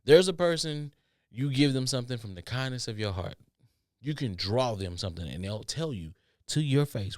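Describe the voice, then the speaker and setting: A man's voice: mid-range voice, animated, normal speed, dry recording, clean studio sound. A man hosting a podcast, ranting in an exasperated, sarcastic monologue. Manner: exasperated, sarcastic, does mocking voices of others. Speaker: podcast host.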